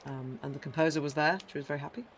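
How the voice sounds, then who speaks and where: A man co-hosting a casual stream chat, telling a story lively and acting out the people he quotes, heard over a remote voice call. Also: a little high, rapid-fire, a little hiss or hum. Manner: animated storyteller who acts out quoted people. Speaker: co-host and trumpet player.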